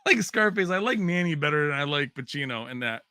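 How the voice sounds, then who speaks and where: Male streamer, casual rambling chat, raised pitch, bright dry sound. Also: normal speed, clean tone, dry recording. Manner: rambling and animated, laughs often, answers chat by name. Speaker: livestream host.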